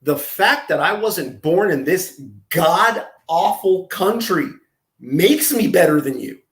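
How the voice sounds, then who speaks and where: Slow, mocking man in an echoey room. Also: high-pitched, lively intonation. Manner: crude, mocking, scattered asides. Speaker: reaction video host. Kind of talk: profane comedic reaction commentary.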